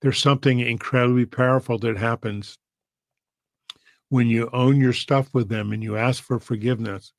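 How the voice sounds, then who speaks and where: Earnest gravelly male pastor storyteller. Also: mid-range voice, steady tone, normal speed, no echo. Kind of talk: storytelling sermon.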